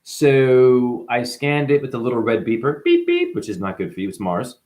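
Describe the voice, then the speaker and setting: A mid-pitched man at a moderate pace poses as a spiritual guru of his own making, talking straight into the camera. He brags and rambles, alternating loud outbursts with muttered side comments.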